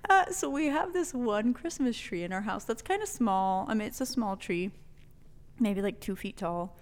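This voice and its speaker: A woman from New Mexico telling a personal story in casual conversation, animated, swearing freely and laughing often. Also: mid-range voice, moderate pace, big-room sound. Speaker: podcast guest telling a story.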